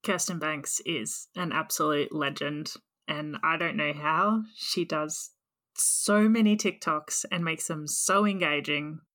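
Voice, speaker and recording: A woman's voice: low-pitched, steady tone, takes it slowly, a bit bright. A woman hosting a podcast in casual chat, upbeat and effusive, over a remote call. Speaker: podcast host.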